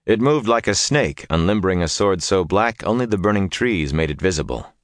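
A man with a very low voice narrates a fantasy story. His delivery is measured and dramatic, and the recording is dry and close. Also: expressive, dry recording. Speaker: audiobook narrator.

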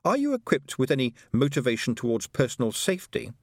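A man's voice: medium pitch, sing-song, fast talker, no echo, clean studio sound. A man voicing a wary young man on the run, questioning in a plain, everyday voice.

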